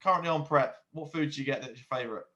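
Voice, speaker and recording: A man's voice: a little high, very fast, pushed and bright. A man hosting a podcast, asking questions and chiming in with easy agreement. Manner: easygoing, asks questions, chimes in with "yeah". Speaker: podcast host. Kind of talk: casual podcast chat.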